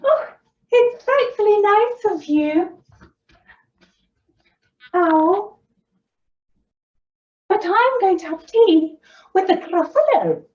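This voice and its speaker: A woman voicing a small, clever male mouse, in a bright and plucky manner. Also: very high-pitched, expressive, very slow, long pauses, distant mic, dull audio, voice pushed up, heavily acted.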